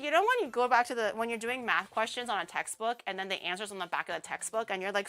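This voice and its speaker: A woman's voice: a little high, fast talker, hardly any pauses, a bit bright, clean tone. A young woman streamer telling a story in a casual, rambling way, often laughing as she goes.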